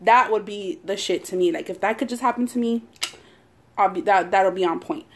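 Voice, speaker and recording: A young mother who runs a mukbang channel chats casually while eating on camera, rambling and swearing a lot. Her voice is medium-pitched at a normal speed, and the recording carries a little hiss or hum.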